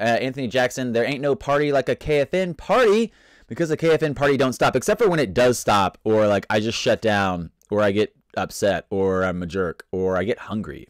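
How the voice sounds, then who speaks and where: A man's voice: lowish voice, clean tone, dry recording, clean studio sound. A man hosting a casual live stream, greeting viewers and reading out chat comments in a playful, rambling, self-mocking way.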